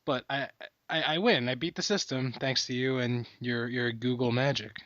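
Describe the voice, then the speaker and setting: A man's voice: medium pitch, steady tone, normal speed, a bit bright, dry recording, dull audio. Rambling, swearing podcast co-host man. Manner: rambling, swears freely, self-mocking. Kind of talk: casual comedic chat. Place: hotel room, calling in remotely.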